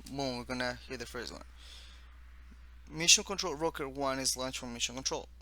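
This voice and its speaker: A man from the East Coast of the United States casually walks through his own text game, reading the on-screen text haltingly with restarts and asides. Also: medium pitch, sharp tone, no room sound.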